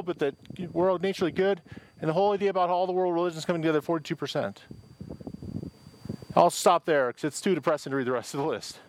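High-voiced middle-aged pastor preaching conversationally. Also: male voice, fairly even intonation, quick pace, a little hiss or hum. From Michigan. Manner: conversational, anecdotal preaching with restarts. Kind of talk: sermon.

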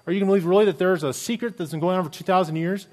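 A man's voice: high-pitched, very fast, a little mellow. A middle-aged man, a pastor, preaching a sermon earnestly and emphatically, with many rhetorical questions.

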